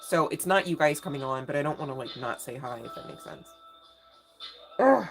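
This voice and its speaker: Slangy low-voiced woman reading tarot. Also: expressive, normal speed. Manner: slangy, emphatic, talks straight to viewers. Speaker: tarot reader. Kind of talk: casual live tarot reading. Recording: faint music in background.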